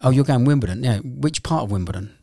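A man's voice: medium pitch, lively intonation, fast, creaky, warm tone, husky, no room sound. Chatty man, dry close sound. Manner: banter, swears freely. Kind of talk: casual chat.

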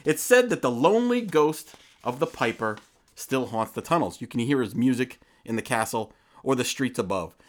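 A man's voice: mid-range voice, animated, normal speed. A man co-hosting a casual podcast, telling stories in a jokey way and reading from notes. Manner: jokey storytelling, reads from notes. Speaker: podcast co-host.

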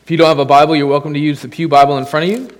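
A man preaching to his congregation in a conversational way, with rhetorical questions and offhand asides. His voice sits a little higher than most men's. The sound carries the long reverb of a church hall. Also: level tone, very fast. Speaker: pastor. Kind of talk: sermon. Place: church sanctuary.

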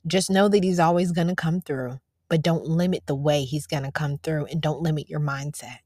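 A woman hosting a devotional podcast, chatting casually and encouragingly, then reading scripture aloud slowly. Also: sits low, fairly even intonation, darkish tone, dry recording, clean studio sound. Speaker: podcast host.

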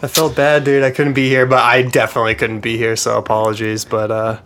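A man co-hosting a casual podcast, easygoing and quick to laugh along. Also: mid-range voice, completely flat delivery, a bit bright. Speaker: podcast co-host.

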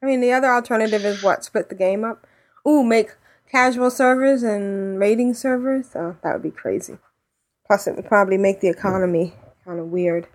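A woman's voice: medium pitch, fairly even intonation, normal speed. A woman co-hosting a casual gaming podcast, bantering playfully and laughing often. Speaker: podcast co-host.

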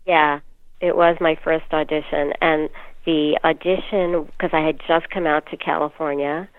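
A chatty woman in her sixties, from New York, talking with a slightly low voice over a tinny phone-like line. She laughs easily and drifts through fillers as she recalls her work. The sound is close and dry. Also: fairly even intonation, normal speed, no echo. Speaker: voice actress guest. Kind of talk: casual interview chat.

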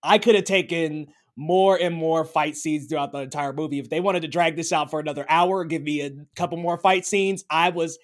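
Enthusiastic man with a higher voice. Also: steady tone, brisk, few pauses. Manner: enthusiastic, emphatic. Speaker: podcast co-host. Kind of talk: casual review chat.

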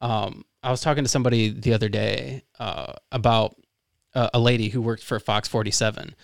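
A man's voice: fairly low pitch, fairly even intonation, fairly quick, gravelly, no room sound. A man hosting a podcast from his home studio, chatting casually and rambling with lots of filler words. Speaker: podcast host. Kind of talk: casual interview chat.

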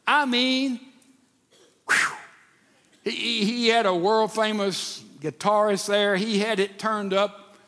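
Older male pastor, folksy sermon delivery, high voice, long hall reverb. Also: slow pace, pauses often. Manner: folksy and animated, with stammered restarts.

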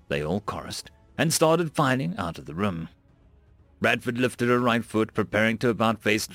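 A man's voice: on the low side, lively intonation, moderate pace, vocal fry, fairly bright tone, no room sound, soft background music. A man narrating a story with wry, playful asides. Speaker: audiobook narrator.

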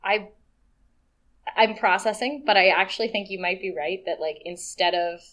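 Casting: woman, podcast co-host, chatty and animated, playful voice impressions. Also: medium pitch, normal speed. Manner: animated, mimics voices with laughs. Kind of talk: casual chat.

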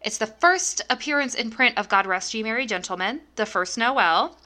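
A woman's voice: fairly high pitch, expressive, normal speed, pushed and bright. A young woman co-hosting a podcast, chatting casually with lots of fillers and laughs. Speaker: podcast co-host. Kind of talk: casual chat.

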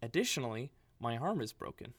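A man co-hosting a podcast, telling a story in a casual, animated way with lots of "like" fillers. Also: medium pitch, fairly quick, breathy edge, no room sound. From Libya. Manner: filler-heavy, animated, laughing while telling stories. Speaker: podcast co-host.

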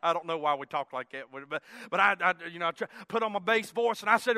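A man preaching a sermon in a folksy, animated storytelling manner. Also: sits high, fast talker, dry recording.

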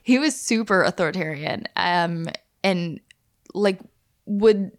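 A woman co-hosting a podcast in casual, animated chat, laughing often. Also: lowish voice, slow pace. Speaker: podcast co-host.

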